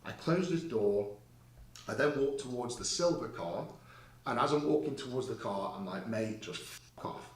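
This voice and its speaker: A man tells a confrontation story in a blunt, heated way and swears freely. His voice sits at a middling pitch. It sounds roomy and distant, like clip audio caught away from the mic. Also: lively intonation, normal speed. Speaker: guest recounting an incident.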